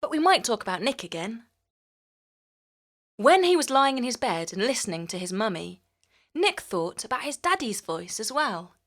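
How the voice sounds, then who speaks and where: A woman's voice: a little high, very animated, moderate pace, a bit bright. A woman narrating a children's story in a playful way, stretching words out to mimic sounds.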